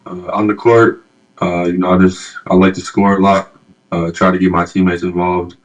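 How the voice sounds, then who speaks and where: A man's voice: low voice, little pitch movement, normal speed, dull audio. A man being interviewed as an athlete, answering plainly and a little reservedly.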